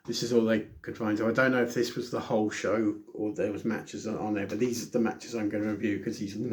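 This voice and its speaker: A man's voice: medium pitch, darkish tone. A man casually reviewing a wrestling show on his own, rambling, correcting himself and making sarcastic asides.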